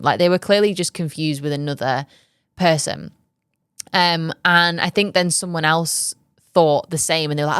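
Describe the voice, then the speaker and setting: A woman's voice: low voice, moderate pace, a bit bright, clean tone, no room sound, clean studio sound. A young woman hosting a podcast, giving candid business advice in a chatty way, full of ums and likes. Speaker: podcast host. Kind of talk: casual advice chat.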